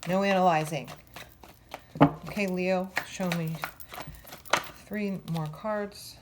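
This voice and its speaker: A woman with a fairly low, steady voice speaks slowly as she gives a casual tarot reading. She's chatty and thinks out loud, filling gaps with lots of fillers and sounding slightly out of breath. Loud noise fills the background.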